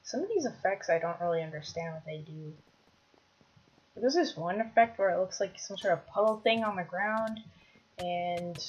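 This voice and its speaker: A woman commentating her own gameplay, chatty, bursting into excited shouts when things go wrong. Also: on the low side, moderate pace, highs cut off. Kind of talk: Minecraft let's play commentary.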